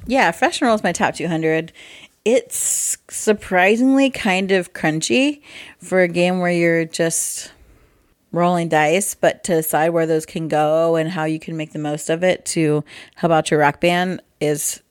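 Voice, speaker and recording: A woman co-hosting a casual board game podcast, chatty and quick to laugh. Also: lowish voice, steady tone. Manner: chatty, laughs easily, acts out voices in asides. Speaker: podcast co-host.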